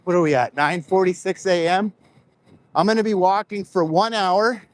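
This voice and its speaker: A man's voice: high voice, steady tone, moderate pace. A man chatting casually to his viewers while walking laps outdoors, talking into a microphone close to his face. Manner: chatty, rambling, addresses viewers directly. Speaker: vlogger. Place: outdoors on a walk. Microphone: clip-on microphone close to face.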